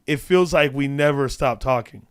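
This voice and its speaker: Smooth-voiced man telling rambling stories. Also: mid-range voice, normal speed. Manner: rambling with restarts and laughter. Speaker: comedian guest. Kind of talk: casual podcast storytelling.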